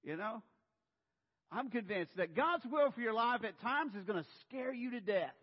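A male pastor preaching a sermon, animated, speeding up and then slowing down to stress points. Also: very high voice, husky. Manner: animated, pushes pace then slows for emphasis. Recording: dull, echoey hall.

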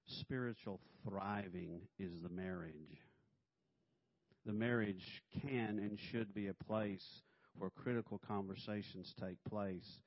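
A man preaching a sermon in a conversational way, with humorous asides and acted-out quotes. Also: lowish voice. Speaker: pastor. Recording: dull lo-fi recording.

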